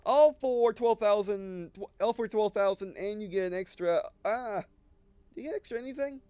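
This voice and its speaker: Breathless man with a high, smooth voice. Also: normal speed, warm tone, no room sound. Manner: rambling, often restarting and correcting himself. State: short of breath. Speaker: gaming video creator. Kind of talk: casual gameplay commentary.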